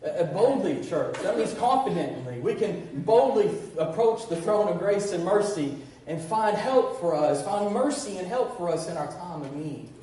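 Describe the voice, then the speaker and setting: A man's voice: high-pitched, animated, normal speed, few pauses, mellow. Man preaching in a very echoey church. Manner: preaching with repeated "church" call-outs and restarts. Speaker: pastor. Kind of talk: sermon. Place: church sanctuary. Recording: very echoey, distant church recording with faint noise.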